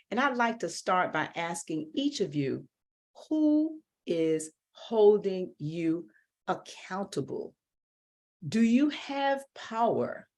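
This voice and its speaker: A woman's voice: fairly low pitch, darkish tone. A woman hosting a book discussion podcast, speaking emphatically and repeating her key phrases. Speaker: podcast host.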